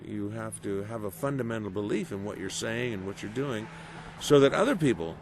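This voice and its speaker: A middle-aged man giving a casual interview as a voice actor, animated and storytelling, acting out quoted reactions. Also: mid-range voice, creaky. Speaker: voice actor guest. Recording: noisy background.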